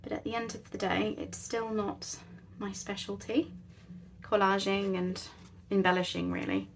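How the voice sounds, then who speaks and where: A woman talks through a craft project in a relaxed, rambling way, often poking fun at herself. Her mid-pitched voice has a gravelly, creaky edge, and faint noise sits in the background. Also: a little slow. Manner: chatty, rambling, self-deprecating. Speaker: crafting channel host. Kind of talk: casual craft tutorial chat.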